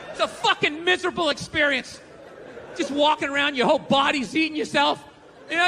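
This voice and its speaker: A man performs stand-up comedy with a high, bright, forceful voice, ranting, swearing and shouting his punchlines. He is recorded from a live stage, with a long reverb and faint ambience behind him. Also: fairly quick, a faint crowd, a little hiss or hum.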